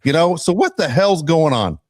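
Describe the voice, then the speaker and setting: A man's voice: fairly high pitch, sing-song, normal speed, dry recording, studio quality. Ranting man on a sports podcast. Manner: loud, exasperated ranting. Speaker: podcast co-host. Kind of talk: casual sports podcast rant.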